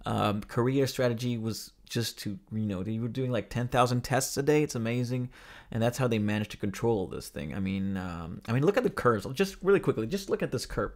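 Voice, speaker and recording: A man's voice: mid-range voice, animated, fairly quick, darkish tone. A man hosting his own podcast, talking casually and directly to viewers with exasperated, sarcastic rhetorical questions. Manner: chatty, addresses viewers as guys. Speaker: podcast host. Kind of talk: casual spoken commentary.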